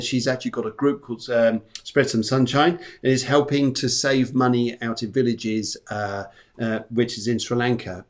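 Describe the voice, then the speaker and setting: A man, a psychic medium, hosting a live-stream show in a chatty, jokey, rambling way. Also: medium pitch. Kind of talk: live-stream reading chat.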